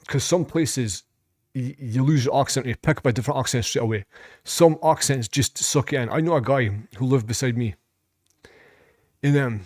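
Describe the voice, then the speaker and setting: A man's voice: mid-range voice, darkish tone, no echo. Scottish man, chatty, dry sound. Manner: rambling, swears freely. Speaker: reaction vlogger. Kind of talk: casual reaction commentary.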